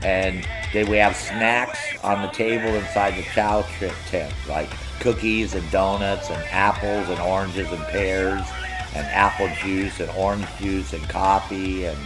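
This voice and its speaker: A man telling profane, loud stories as a streamer, mocking others in high voices. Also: fairly even intonation, a little slow, music in the background. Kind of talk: profane casual storytelling.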